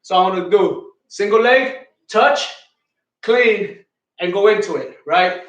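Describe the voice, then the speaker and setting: A man's voice: high voice, lively intonation, takes it slowly, a bit bright, echoey room, dull audio. Breathless male fitness coach counting reps. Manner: counts reps aloud, coaching cues, chatty. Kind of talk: live online workout class.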